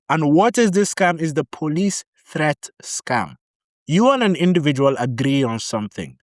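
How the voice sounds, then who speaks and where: A man's voice: high-pitched, dry recording, studio quality. A man vlogging casual advice, telling stories animatedly and repeating key warnings for emphasis. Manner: animated storytelling, acting out both sides of arguments. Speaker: vlogger giving advice on living in Barbados. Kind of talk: casual advice talk to camera.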